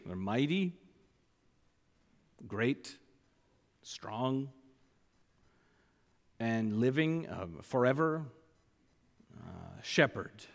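A man preaching a sermon, repeating key phrases for emphasis and reading scripture aloud with mounting force. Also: mid-range voice. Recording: long hall reverb.

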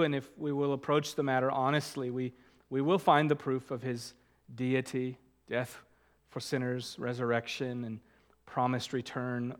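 A man preaching a sermon as a pastor, earnest, slowing down to stress key words. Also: fairly high pitch, a bit bright.

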